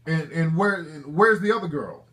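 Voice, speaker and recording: A man's voice: on the high side, normal speed, bright, forceful tone. Brash joking talk-show host, man. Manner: brash, joking, street slang, lecturing callers. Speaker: show host taking calls. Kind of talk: call-in talk show banter.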